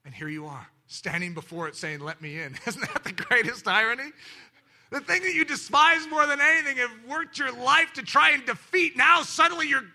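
Man, pastor, sermon, animated, loud-to-hushed swings, high bright voice. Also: moderate pace.

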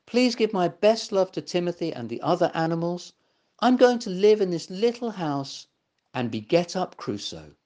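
A man voicing a gentle, sad male toy giraffe in a storybook reading, speaking politely in a lower voice. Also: very animated, normal speed. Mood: wistful.

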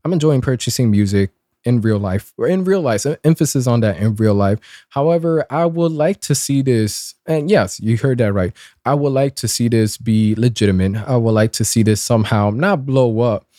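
A man in his twenties hosting a casual commentary show, sarcastic and blunt, with lively swings in pitch. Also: moderate pace, no room sound, studio quality. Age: 20s. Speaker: commentary host.

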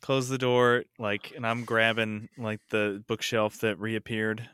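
A man's voice: lowish voice, level tone, a little slow, fairly bright tone, clear, resonant tone, no echo. A man playing a tabletop game, hesitant and full of fillers as he describes his character's actions. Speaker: player. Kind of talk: casual tabletop game play.

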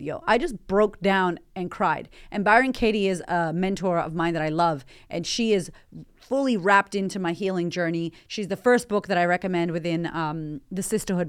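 Woman podcast host, super candid and energetic, swears a lot, smooth clear voice. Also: on the low side. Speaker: podcast host and life coach. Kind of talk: motivational podcast monologue.

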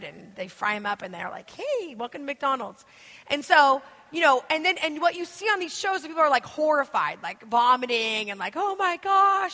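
A woman's voice: a little high, sharp tone. A woman from the United States giving an interactive sermon as a guest minister. She tells stories in a chatty, rambling way, full of fillers. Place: church hall. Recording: long church hall reverb.

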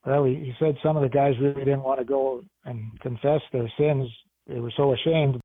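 A man, a deacon, recalling memories of someone he knew in a halting, restarting way. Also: mid-range voice, steady tone, no room sound. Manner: halting, many restarts and fillers. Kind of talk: interview recollection. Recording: tinny phone-like sound with faint music.

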